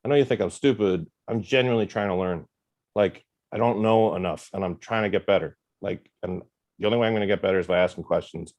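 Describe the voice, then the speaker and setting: Low-voiced man telling stories. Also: quick pace. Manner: animated, self-deprecating anecdotes with quoted dialogue. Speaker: podcast guest, author. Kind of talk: casual storytelling.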